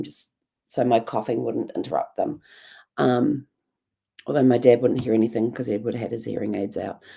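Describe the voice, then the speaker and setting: Woman, New Zealand accent, hoarse with a cough, heavy vocal fry, husky, rambling reflective vlog talk. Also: a bass voice, warm tone. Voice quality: raspy. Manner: rambling, many ums and restarts. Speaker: journalling vlogger. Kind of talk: casual reflective monologue.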